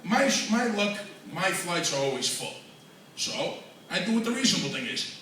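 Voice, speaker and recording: A man's voice: high voice, very animated, moderate pace, pushed and bright. A man doing a profane, self-mocking stand-up comedy set at an open mic. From New York. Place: comedy club open mic, large room. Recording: echoey room from far off with noise.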